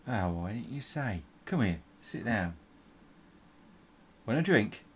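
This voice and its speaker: A man voicing a gruff, guarded male halfling fence who talks tersely and warily. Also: lowish voice, big pitch swings, slow, slight background noise.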